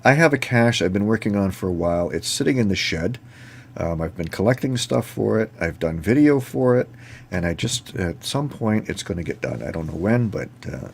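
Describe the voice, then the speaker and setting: Low-voiced man spinning anecdotes. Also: gravelly, a little mellow, a little hiss or hum. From Ontario, Canada. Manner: rambling anecdotes with laughs and acted-out dialogue. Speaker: host. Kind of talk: casual storytelling chat.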